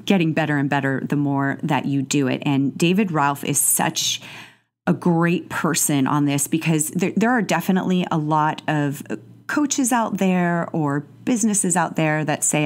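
A woman with a low, deep-set voice hosts her podcast in a loose, chatty solo intro. She gushes and rambles with ums and restarts. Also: measured pace. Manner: chatty, gushing, with fillers. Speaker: podcast host. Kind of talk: casual solo intro monologue.

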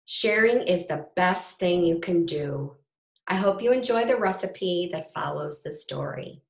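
A woman reading a rhyming picture book aloud to children, with gentle asides to her listeners. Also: on the low side, expressive, a little slow. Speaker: storybook reader. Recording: roomy echo.

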